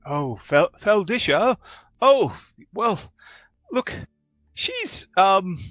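A man voicing a haughty, fussy halfling noblewoman with a high, fluttery falsetto. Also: very animated, drawn-out words, a bit bright, no room sound, dull audio, exaggerated voice. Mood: gushing. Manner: gushing, flustered, affected.

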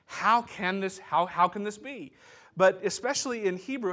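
A man's voice: high-pitched, normal speed, bright, forceful tone. A man pastor giving a sermon, teaching in a conversational way with asides and restarts.

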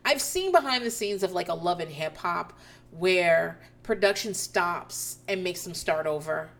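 A woman's voice: lowish voice, lively intonation, a little slow, creaky. A woman casually recapping a reality show episode, profane and incredulous as she tells the story.

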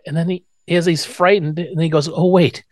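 Man, podcast co-host, higher voice, casual recap, chuckling, dry close sound. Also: steady tone, fairly quick, dry recording. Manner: recaps scenes step by step, chuckling often. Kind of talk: casual episode recap chat.

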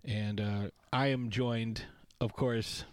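A man's voice: medium pitch, steady tone, slow, no room sound. A man co-hosting a podcast, talking in a playful, joking, rambling way. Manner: playful, jokey, rambling asides. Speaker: podcast co-host. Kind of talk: casual podcast banter.

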